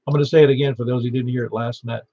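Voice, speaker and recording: A man's voice: mid-range voice, fairly even intonation, rapid-fire, no echo. A man with a Middle Tennessee accent running an amateur radio net, chatting in a joking, folksy way. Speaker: net control operator. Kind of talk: ham radio net chat. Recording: lo-fi radio transmission.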